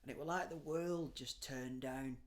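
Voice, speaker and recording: A man, hosting a casual comedic chat, telling stories with swings between hushed and loud delivery and frequent swearing. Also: mid-range voice, normal speed. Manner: animated storytelling, swears freely, laughs often, drops to a hushed tone. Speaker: podcast host.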